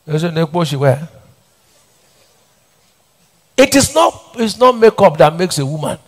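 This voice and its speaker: Nigerian male preacher, slightly high voice, call-and-response style, middle-aged. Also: big pitch swings, a little fast. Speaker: pastor. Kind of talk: sermon. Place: church hall.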